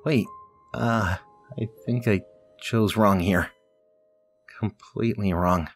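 Low-voiced, swearing gamer man. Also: takes it slowly, faint music behind. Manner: reads story text aloud, breaks off with swearing and muttering to himself. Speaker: let's play gamer. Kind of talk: casual game commentary and reading aloud.

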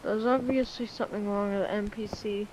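A woman giving excitable, chattering commentary while playing a video game. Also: mid-range voice, a little fast. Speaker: gameplay streamer. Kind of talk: gameplay commentary. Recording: noisy game audio behind.

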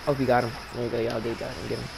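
Teen boy on voice chat mid game, gets loud and cracks, middle pitch, lots of hiss behind. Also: racing, creaky. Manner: excitable, shouts during fights, voice cracks upward. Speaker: gamer streaming with friends. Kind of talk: casual voice chat while gaming.

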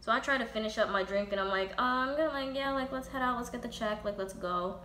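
Her pitch fairly high and her tone sharp, this fast-talking young vlogger tells a profane, candid story and plays out the back-and-forth, quoting herself and others. The space sounds roomy and echoey, with faint ambience and slight hiss or hum.

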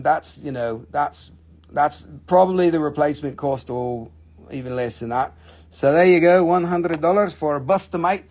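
A man hosting a live crystal sale, joking crudely and playfully while pitching prices. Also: gravelly, a little mellow, slightly rough. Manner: crude, playful, prone to silly voices and jokes. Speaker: host selling crystals on a live stream.

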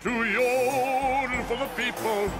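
A big gentle German-accented woodsman. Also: very high-pitched, fairly even intonation. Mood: earnest. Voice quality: slow, formal, stiff phrasing. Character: big gentle male woodsman, earnest aspiring actor. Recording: film soundtrack with loud music behind.

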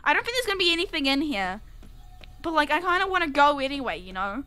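A woman's voice: high voice, big pitch swings, fast, sharp tone, faint music behind. A woman from New Zealand streaming a story game, chatting and teasing her viewers playfully with giggles. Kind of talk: casual let's-play chat.

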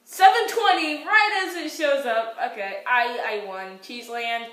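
A woman's voice: a little high, sing-song, a little slow. A young woman playing a racing game with a friend, chatting and cheering in a giddy, playful way. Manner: giddy, playful, bursts into sing-song shouts. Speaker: gamer recording a let's play. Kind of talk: excited gaming chat. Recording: roomy echo, mic far off, faint background noise.

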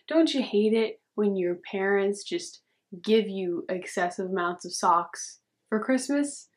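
A woman's voice: medium pitch, expressive, a little slow. A young woman vlogging casually, reacting to memes with sarcastic, chatty commentary. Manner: sarcastic, says "dude" a lot. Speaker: YouTuber.

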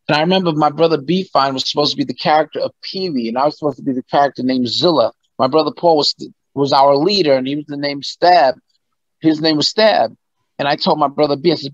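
A man's voice: on the high side, fast talker, no room sound, highs cut off. A man, a guest musician, telling stories in an interview and acting out what people said. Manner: animated, acts out quotes. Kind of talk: interview storytelling.

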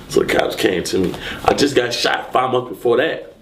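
A man being interviewed, telling a story casually and acting out what people said with sudden high, loud bursts. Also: moderate pace, a little hiss or hum. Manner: animated, acts out quotes and shouts in sudden high bursts.

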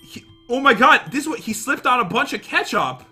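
A man co-hosting a game video, joking excitably and laughing a lot. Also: very high-pitched, fairly quick, slightly rough, soft background music. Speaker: co-host of a gaming video. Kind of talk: casual let's-play chat.

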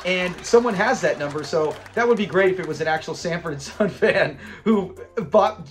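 A man's voice: high-pitched, moderate pace. A man hosting a casual episode breakdown of an old sitcom. He chats along, laughs often and retells scenes. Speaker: host of a classic TV review channel.

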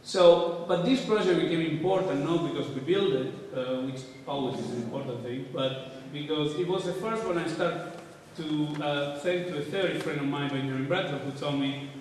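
Guy giving a loose, cheeky lecture, kinda high voice, big echoey hall, heard from far off. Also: moderate pace, hardly any pauses, a little mellow, slight background noise. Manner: casual, irreverent, occasionally swearing. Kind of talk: informal lecture.

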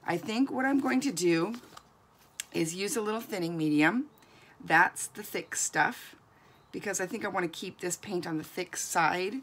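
A woman's voice: fairly low pitch, unhurried, fairly bright tone, breathy edge. A woman giving a chatty, encouraging crafting tutorial as a doll artist, thinking aloud as she works.

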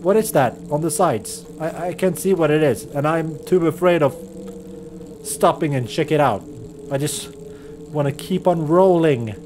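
Game streamer, male, high voice, slow unhurried delivery, skittish and foul-mouthed while reacting to scares. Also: darkish tone, slight background noise. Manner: jittery, swearing, nervous laughter, talks to himself. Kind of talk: let's play commentary.

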